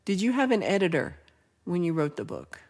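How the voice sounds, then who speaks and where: A woman's voice: on the low side, big pitch swings, fairly quick, a little mellow. A woman hosting a casual livestream, chatting, teasing and laughing as she reads viewer comments. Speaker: livestream host.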